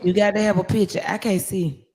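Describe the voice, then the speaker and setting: A woman hosting a casual livestream from her phone, telling stories in a lively, profane way. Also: medium pitch, a little fast. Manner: lively, profane storytelling with laughs. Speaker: livestream host.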